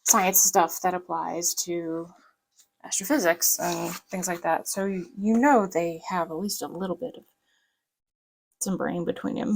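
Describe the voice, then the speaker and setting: A woman's voice: on the low side, steady tone, unhurried, creaky, low-quality recording. A woman with a light Southern US accent, rambling in a chatty, casual way while she works on a planner. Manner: rambling, chatty, lots of fillers. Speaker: planner vlogger.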